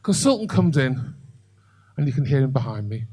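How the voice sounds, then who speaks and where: A man's voice: mid-range voice, big pitch swings, normal speed, dark tone, slightly rough. An older man doing a bawdy stand-up comedy set in a comedy club, telling a story and chatting with the crowd.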